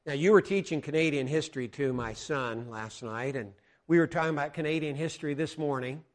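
An American man from Colorado delivers a sermon in a fairly high voice. He moves between loud, ringing exclamations and quiet, earnest asides to his congregation. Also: brisk. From Colorado, United States. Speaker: preacher.

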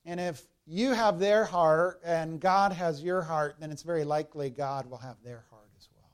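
High-voiced male preacher. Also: clear, resonant tone. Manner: expository preaching, addressing the congregation directly. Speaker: pastor. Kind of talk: sermon.

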